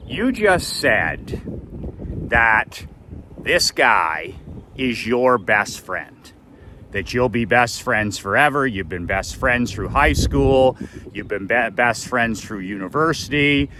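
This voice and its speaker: A man's voice: medium pitch, unhurried, bright, forceful tone, slight background noise, rough recording. A man voicing his stern father, an older man who bluntly scolds his son. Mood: stern lecturing. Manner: blunt, lecturing, emphatic.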